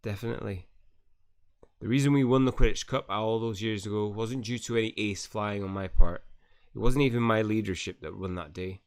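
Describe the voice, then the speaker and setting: A man voicing a proud, blunt Quidditch dad in a mobile game, speaking with a Scottish lilt in a deep, low register. The sound is close and completely dry, with no room around it. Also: fairly even intonation, brisk, smooth, no room sound, close to an everyday voice. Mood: earnest. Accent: Scottish-tinged lines. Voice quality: blunt, saying "aye" and "crikey". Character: proud middle-aged male Quidditch coach and father.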